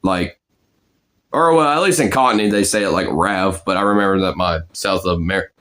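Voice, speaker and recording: Rambling young man with a low voice. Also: moderate pace, a bit bright. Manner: rambling, many fillers and restarts. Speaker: amateur voice impressionist. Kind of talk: casual vlog about practicing voices.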